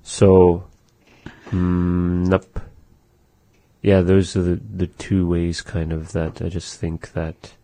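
Deep, dark-voiced man teaching words. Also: completely flat delivery, no echo. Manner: repeats words slowly to teach them. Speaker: language teacher. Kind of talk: casual language lesson.

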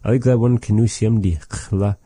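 A male language teacher talks in a deep, mellow voice, slowly and patiently explaining each word and repeating it. The sound is dry and close, with no room around it. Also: fairly even intonation, breathy edge, no room sound. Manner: slow, patient, repeats words after recordings. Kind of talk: language lesson.

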